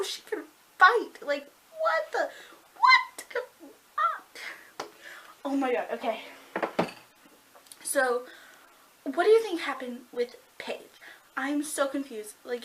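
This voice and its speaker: Young female book vlogger, high pitch, excitable and chatty, lots of "like". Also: slight background noise. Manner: bubbly, giggly, fast, lots of "like". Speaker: book reviewer. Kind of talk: casual book review vlog.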